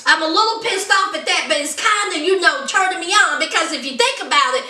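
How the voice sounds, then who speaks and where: A woman casually recapping a TV episode in a vlog, telling it as a lively story and acting out the scenes. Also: extremely high pitch, fairly quick. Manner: animated storyteller, acts out the scenes. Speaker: TV episode reviewer. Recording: roomy echo, mic at a distance.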